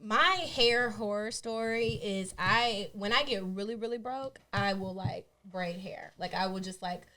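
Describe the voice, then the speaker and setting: A woman's voice: medium pitch, measured pace, pushed and bright. A woman co-hosting a podcast, chatting casually and telling blunt, profane stories with acted-out quotes. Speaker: podcast co-host. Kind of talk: casual chat.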